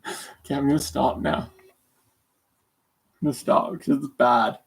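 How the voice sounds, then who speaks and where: Gravelly sleepy young man rambling. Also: medium pitch, fairly even intonation, slow. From Calgary, Canada. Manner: rambling, meandering, self-deprecating. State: sore throat, sleepy. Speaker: streamer. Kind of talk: casual livestream chat.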